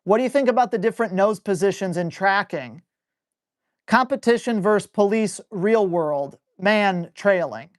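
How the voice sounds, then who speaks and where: A man's voice: high voice, expressive, moderate pace, no room sound, studio quality. Man, dog trainer running a live Q&A: loose, blunt, a bit crude, answers viewer questions on the fly. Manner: blunt, casual, salty language; reads viewer questions aloud and answers them. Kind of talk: live stream Q&A.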